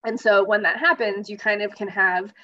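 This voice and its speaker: A woman hosting a casual podcast chat, animated and self-deprecating, laughing often. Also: medium pitch, moderate pace, dull audio.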